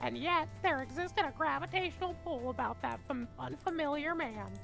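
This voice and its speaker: A shrill, melodramatic storybook narrator, as a man puts it on in a strained falsetto. The voice sits very high and crackles with fry while it reads fanfiction aloud in mock-dramatic earnest, tripping now and then over the words. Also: bright, forceful tone, faint music behind, exaggerated voice. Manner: reads slowly and theatrically, stumbling over words.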